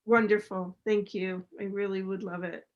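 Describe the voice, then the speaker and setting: A woman hosting a group session on a video call, handing over to a guest in a warm, encouraging way with small hesitations. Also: mid-range voice, level tone, normal speed, muffled recording.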